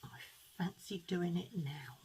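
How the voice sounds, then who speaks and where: A woman's voice: lowish voice, unhurried, a little mellow, rough recording. A woman chatting through a card-making tutorial at her craft table, rambling and self-deprecating as she mutters to herself while she works.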